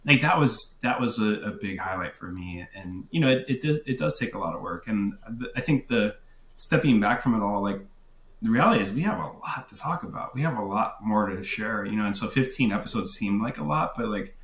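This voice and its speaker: A man's voice: on the low side, expressive, brisk, fairly bright tone. A man wedding photographer chatting as a podcast guest, easygoing and rambling with many fillers. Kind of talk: casual podcast chat. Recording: roomy echo.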